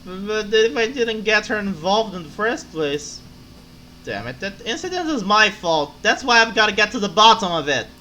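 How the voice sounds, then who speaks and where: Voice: mid-range voice, sing-song, moderate pace, voice pushed up, poor audio. A player voicing a tipsy, brash female journalist from a video game, reading her lines with a put-on drunk slur. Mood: fired up. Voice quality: slurred drunk voice. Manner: loud, emphatic, swings to shouting. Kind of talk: reading game dialogue aloud.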